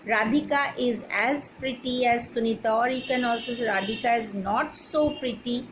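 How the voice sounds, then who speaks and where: A woman's voice: a little high, normal speed, slight background noise, rough recording. A woman teacher giving a class lesson, explaining rules methodically and spelling words out letter by letter. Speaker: English teacher. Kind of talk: recorded online class lesson.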